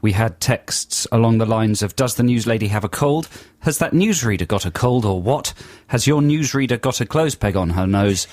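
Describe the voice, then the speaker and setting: A man's voice: on the low side, animated, normal speed, few pauses, a little mellow, no echo. A man co-hosting a radio show from a studio, reading listener stories and trading dry jokes. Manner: wry, dry humour. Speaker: radio co-host. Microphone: studio microphone.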